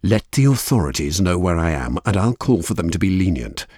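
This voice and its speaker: A man with a husky voice voicing a tough, famous female judge who speaks firmly and threateningly in a storybook reading. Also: low voice, big pitch swings, fairly quick, darkish tone, no echo, clean studio sound. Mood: stern, threatening. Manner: commanding, threatening, firm. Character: stern famous female Crown Court judge.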